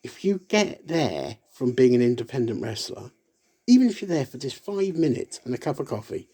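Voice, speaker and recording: A man rambling casually to camera in a solo vlog, halting and restarting often and breaking into laughter. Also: medium pitch, very animated, mellow, husky. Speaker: vlogger.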